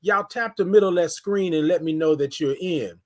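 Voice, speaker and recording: A woman's voice: on the low side, moderate pace, darkish tone. A woman hosting a live morning show, greeting viewers in a sing-song way and stretching out her words. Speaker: host.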